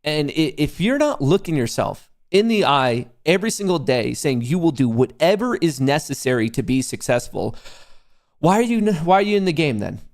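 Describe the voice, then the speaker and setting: A young man hosting a casual livestream about day trading, swearing often and breaking into loud, jokey bragging. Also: fairly high pitch, normal speed. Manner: excitable, profane, jokey bragging. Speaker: livestream host, day trader.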